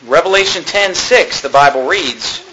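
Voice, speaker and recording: A male pastor preaching a sermon, impassioned and animated, with mocking asides. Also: on the high side, takes it slowly, slight background noise, low-quality recording.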